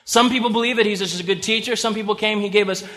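A man with a high voice delivers a sermon as pastor, talking to the congregation in an easy, conversational way and dropping in humorous asides. His voice rings out with a long reverb, as in a large church hall. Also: steady tone, fast talker, pushed and bright.

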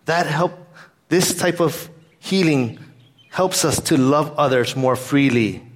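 Pastor guy preaching, earnest and chatty, voice sits a little high. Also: slow pace, slight background noise. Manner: earnest, conversational preaching mixed with a personal story. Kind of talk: sermon.

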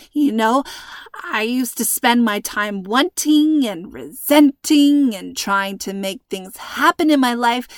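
A woman puts on a frightened teenage girl who babbles to fill the silence. Her voice runs high, breathy and squeaky, and it sounds close and dry, as in a storybook reading. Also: dry recording, lightly acted. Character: panicky teenage girl talking too fast.

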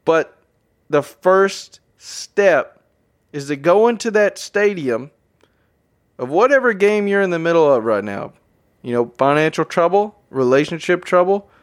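This man's voice runs on the high side, expressive and measured, as he hosts a motivational podcast. He addresses listeners as "guys" and talks with energy, repeating phrases for emphasis throughout his monologue.

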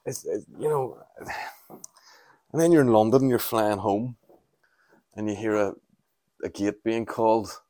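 A man's voice: on the low side, measured pace, pauses often, mellow, no room sound. A Northern Irish man hosting a casual solo podcast from home, telling sweary, jokey stories while doing chores around the house. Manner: rambling, sweary, jokey storytelling. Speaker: podcast host.

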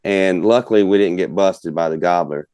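Low-voiced folksy man telling a hunting story. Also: normal speed, a little mellow, clear, resonant tone, no room sound. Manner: folksy, rambling, many fillers. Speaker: guest hunter. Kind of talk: casual storytelling.

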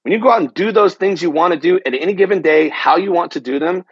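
A middle-aged man hosts a health podcast alone and speaks earnestly and reflectively. His voice is fairly high for a man, husky and gravelly. The sound is dry and a little dull. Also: quick pace, dry recording. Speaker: podcast host. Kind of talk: solo health podcast monologue.

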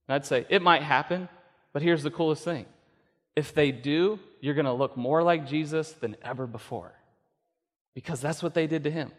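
A man's voice: a little high, normal speed. A male pastor preaching a sermon, acting out voices and building to emphatic peaks. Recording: long reverb of a hall.

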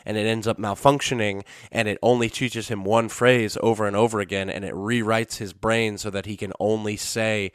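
A man's voice: fairly low pitch, level tone, moderate pace, hardly any pauses, clean tone, no room sound, studio quality. A man hosting his own podcast, talking casually and sarcastically in a rambling way, with sudden silly outbursts. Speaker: podcast host. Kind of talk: casual solo commentary.

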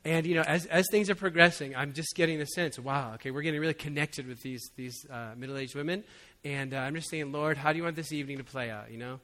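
A man preaching as a pastor, telling a personal story in a relaxed, conversational way with frequent chuckles. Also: on the high side, a little fast. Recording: long hall reverb.

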